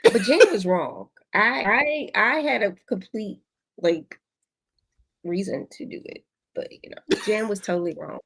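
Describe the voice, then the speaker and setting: A woman co-hosting a casual show review, chatty and acting out quotes in soft put-on voices. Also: medium pitch, a little slow, husky. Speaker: co-host.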